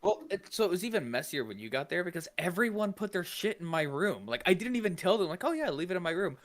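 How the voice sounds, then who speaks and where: A man co-hosting a podcast in casual chat, telling stories in an animated, profane way. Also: high voice, fast. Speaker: podcast co-host.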